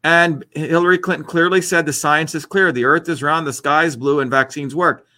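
A man holds forth on his own livestream in a combative, emphatic rant. His voice is bright and sits fairly high, and he circles back to repeat his points again and again. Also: steady tone, moderate pace. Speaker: host of an online livestream. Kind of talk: ranting political commentary.

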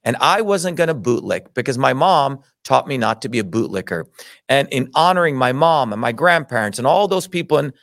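A man's voice: medium pitch, lively intonation, a little fast, gravelly, fairly bright tone, no echo, clean studio sound. A middle-aged man telling his own story in an interview, indignant, emphatic and full of swearing. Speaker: interview guest. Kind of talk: heated personal storytelling.

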